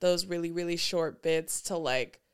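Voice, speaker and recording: A woman's voice: on the low side, normal speed, clean tone. A young woman in casual chat, talking loosely with lots of "like" and frequent laughter. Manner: chatty, heavy use of "like", laughs often.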